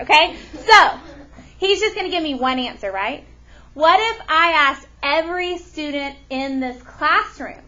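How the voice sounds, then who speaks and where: Woman, math teacher, animated, questioning students, bright tone. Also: sits high, moderate pace, lo-fi sound. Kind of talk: classroom lesson. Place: classroom.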